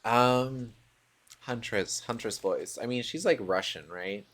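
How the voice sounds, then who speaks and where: A man's voice: medium pitch, slow pace, a bit bright. A man streaming a dating game, reading its text aloud and joking with playful, self-mocking asides.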